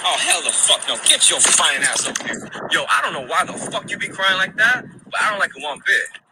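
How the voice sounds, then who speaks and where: A man playing a slangy, smooth-talking flirt. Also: sits high, very animated, a little fast, noisy background. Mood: flirty.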